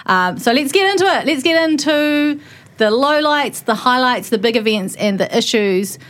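A woman hosting a casual group podcast in a studio full of guests, bubbly and quick to laugh. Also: high-pitched, expressive, a bit bright, no echo. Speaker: podcast host.

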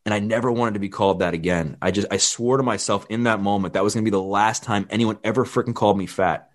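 Frank storytelling man, slightly low voice. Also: fairly even intonation, fast. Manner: frank, plain-spoken, acts out quoted dialogue. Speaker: fitness trainer telling his life story. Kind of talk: candid personal storytelling.

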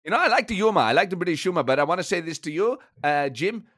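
A man's voice: sits high, expressive, racing, fairly bright tone, no room sound, clean studio sound. A man doing a touchy foreign football manager in broken English. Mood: threatening. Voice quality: broken English, defensive, bursts into threats.

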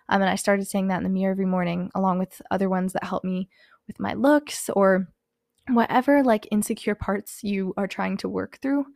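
A young woman of Hispanic background, country not specified, hosts a podcast in a medium-pitched voice with vocal fry, speaking fairly quickly. Her casual motivational chat is candid and packed with "like" and "um," recorded dry with studio quality.

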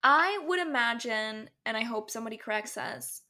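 Bright-voiced female podcast co-host. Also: on the high side, animated, normal speed. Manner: casual, reactive, uses "like" often. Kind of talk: casual podcast chat.

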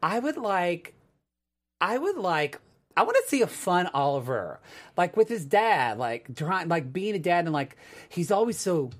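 Rambling, animated man recapping a TV show. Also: sits high, moderate pace. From United States. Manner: rambling, animated, acts out quotes in a drawl. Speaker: co-host. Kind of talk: casual TV recap chat.

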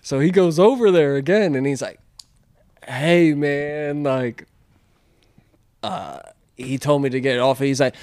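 A man in a casual chat, telling work stories with lots of swearing and laughter, acting out coworkers in loud high voices. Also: a little slow, no echo, studio quality. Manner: storytelling, acts out coworkers with loud high quotes, laughs a lot, swears freely.

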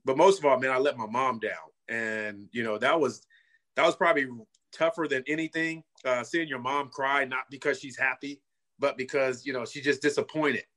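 A middle-aged man from California with a bright, forward tone recounts his past as a former football player. He talks earnestly and casually, peppering his story with "you know" and "man," at an everyday pitch. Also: fairly even intonation, normal speed.

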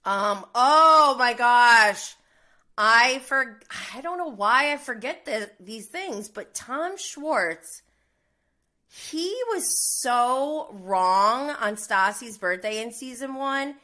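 A woman's voice: fairly high pitch, animated, takes it slowly, pushed and bright. A woman in her thirties chatting casually about reality TV gossip, full of "like"s, with indignant outbursts. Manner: chatty, many "like"s, laughs between lines. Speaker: reality TV commentator.

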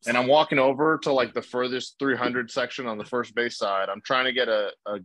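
A man's voice: medium pitch, steady tone, brisk, fairly bright tone, dry recording, low-quality recording. A young man hosting a casual podcast, telling rambling stories with lots of fillers and swearing. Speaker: podcast host. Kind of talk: casual chat.

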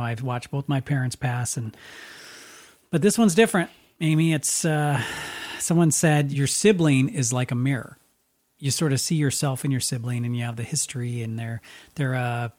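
A man, a radio DJ hosting a podcast, talking in a reflective, halting way and acting out the people in his story. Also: mid-range voice, a little mellow. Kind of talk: casual podcast conversation.

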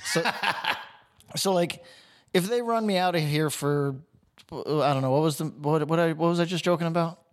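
A young man co-hosting a podcast, his voice sitting a bit high for a man. He chats loosely and keeps needling his friend with crude, mocking jabs. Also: moderate pace, long pauses. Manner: profane, needling banter. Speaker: podcast co-host. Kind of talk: casual chat.

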